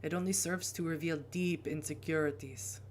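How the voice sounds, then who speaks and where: A woman's voice: low-pitched, fairly even intonation, normal speed, a little hiss or hum, lightly acted. A woman voicing a composed, stern male vampire sheriff who speaks in a cold, formal, clipped way.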